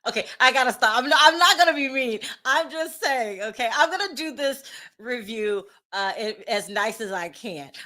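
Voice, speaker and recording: A chatty woman hosts a casual reality TV recap, candid and quick to laugh as she talks to the chat. Her voice is bright and forward, sitting a touch high. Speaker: reality TV commentary host.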